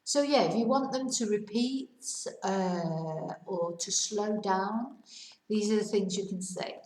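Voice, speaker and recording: A middle-aged woman giving a casual, rambling lesson, slowing down to model Spanish phrases for learners. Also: mid-range voice, mellow, roomy sound, recorded from a distance, rough recording. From United Kingdom. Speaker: Spanish teacher.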